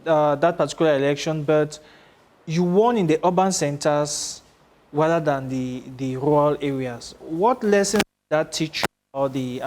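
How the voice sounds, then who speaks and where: Male TV interviewer, courteous and measured, a touch high. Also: darkish tone, slight background noise. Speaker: interviewer, host. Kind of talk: interview questions.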